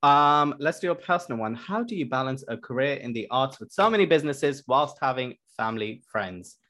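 A man hosting a podcast, asking quick questions and setting up improv games with short, brisk acknowledgements. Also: medium pitch, lively intonation, bright, forceful tone. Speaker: podcast host. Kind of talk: casual interview.

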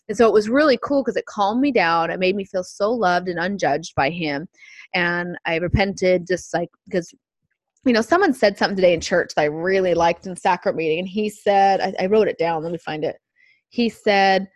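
A woman's voice: medium pitch, normal speed, no room sound. A woman co-hosting a podcast, telling a personal story in a casual faith talk, earnest and reflective with hesitant restarts. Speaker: podcast co-host.

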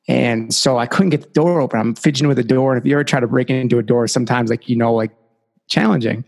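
A man's voice: mid-range voice, steady tone, fast, gravelly, darkish tone, in a large hall. A young adult man, a podcast guest, telling a personal life story earnestly and often saying "like" and "you know".

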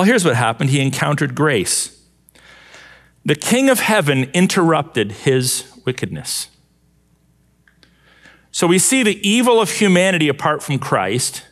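A male pastor preaching a sermon, expressive and using vivid rhetorical questions. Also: on the high side, a little slow.

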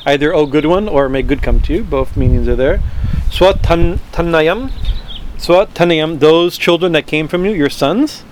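A man with a slightly high voice leads a scripture class, chanting each Sanskrit word slowly before explaining it. His talk is halting and full of "uh" and restarts, and faint traffic noise hums behind him. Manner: halting, with many fillers and restarts; chants Sanskrit words slowly, then translates them. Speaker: scripture teacher.

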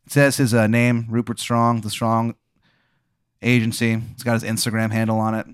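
A man's voice: medium pitch, flat delivery, moderate pace, clear, resonant tone, no echo, clean studio sound. A man leading an improvised comedy scene with casual, rambling narration full of "like".

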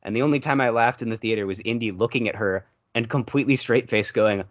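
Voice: mid-range voice, quick pace, dull audio. A podcast co-host chatting casually about movies, telling long rambling stories with playful quoted asides.

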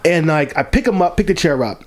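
A man's voice: a little high, expressive, a little fast, a little hiss or hum. A man who works as a bartender tells a profane story in casual chat, laughing along as he goes.

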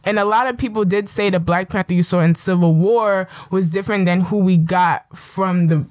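A woman in a casual podcast chat, giving animated opinions at a quick clip. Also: medium pitch.

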